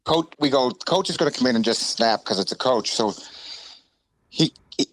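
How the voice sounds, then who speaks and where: A man, a former hockey teammate appearing as a podcast guest, telling animated anecdotes and quoting his own past words. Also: medium pitch, moderate pace, slight background noise, rough recording. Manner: animated anecdotes, quotes himself. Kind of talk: casual storytelling.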